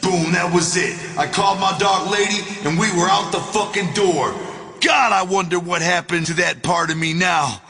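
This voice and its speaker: Man narrating his own memoir, loose and cussing, piercingly bright tone, faint music under a roomy echo. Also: high voice, moderate pace, creaky, slightly rough. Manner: casual, profane, storytelling, bursts into shouting. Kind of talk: audiobook memoir reading.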